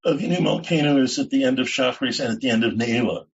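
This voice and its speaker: A man taking part in a class over a video call, quickly and matter-of-factly correcting a point. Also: medium pitch, gravelly, slightly rough. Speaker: class participant. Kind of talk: casual correction. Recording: dull lo-fi video call audio.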